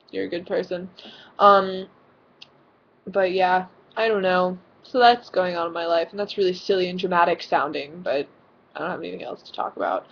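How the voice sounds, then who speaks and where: A woman's voice: medium pitch, muffled recording, slight background noise. A teenage girl vlogging casually from her bedroom, rambling with lots of fillers and giggles. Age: teens. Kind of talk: casual vlog chat. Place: own bedroom.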